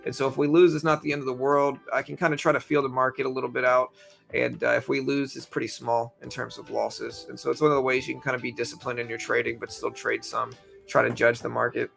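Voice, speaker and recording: Gravelly young man on a trading livestream. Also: mid-range voice, quick pace, faint music behind. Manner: relaxed, rambling, repeats himself, many fillers. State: has the hiccups. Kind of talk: casual live-stream commentary.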